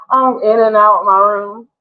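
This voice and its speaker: A woman hosting a casual live stream, chatty and playful, laughing often between remarks. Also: mid-range voice. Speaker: livestream host. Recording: tinny phone-like sound.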